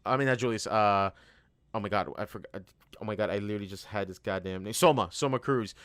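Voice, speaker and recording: A man's voice: fairly low pitch, fast, clean tone, dry recording, studio quality. A man co-hosting a podcast, casually retelling a show's plot with lots of swearing and laughter. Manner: profane, animated retelling with laughs. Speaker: podcast co-host. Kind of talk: casual chat.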